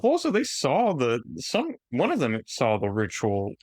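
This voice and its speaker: A man's voice: mid-range voice, wildly swooping pitch, unhurried, a little mellow, no echo, clean studio sound. Male co-host cracking jokes. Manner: joking listener with short backchannels. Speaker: podcast co-host. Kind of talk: casual chat.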